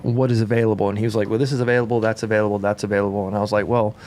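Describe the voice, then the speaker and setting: A man's voice: lowish voice, little pitch movement, rapid-fire, darkish tone. Rambling East Coast American man. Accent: East Coast American, slightly British. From Washington DC and Maryland area. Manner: rambling storyteller, full of restarts. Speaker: podcast co-host. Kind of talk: casual chat.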